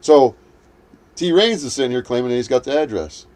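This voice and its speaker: A man's voice: medium pitch, animated, brisk, darkish tone. A man hosting a livestream, ranting in a heated, profane, combative way. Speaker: livestream host. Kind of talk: livestream rant.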